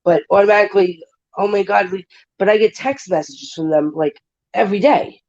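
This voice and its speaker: A woman's voice: medium pitch, fairly quick, a little mellow, highs cut off. A woman hosting a casual livestream chat. She talks bluntly and emotionally and swears freely. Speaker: livestream panel host.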